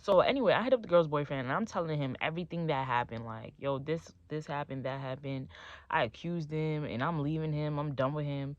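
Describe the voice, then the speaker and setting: A young woman with a fairly low voice tells a personal story in a casual, slangy way. She acts out what people said with sudden leaps up in pitch. The recording is dry and a little dull. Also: brisk, no room sound. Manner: animated, slangy, acts out dialogue with big pitch jumps. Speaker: storytime vlogger.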